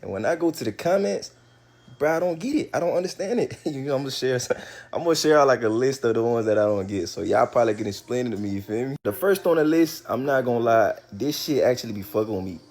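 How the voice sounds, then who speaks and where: A man's voice: medium pitch, lively intonation, quick pace, darkish tone. A man from Nigeria talking casually to his viewers, curious and cursing freely as he asks for explanations. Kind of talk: casual vlog chat.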